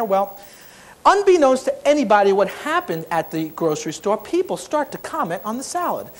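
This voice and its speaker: Animated man telling a funny story. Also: high-pitched, fairly quick. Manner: animated, acts out the people in his story. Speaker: motivational speaker. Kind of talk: humorous storytelling keynote.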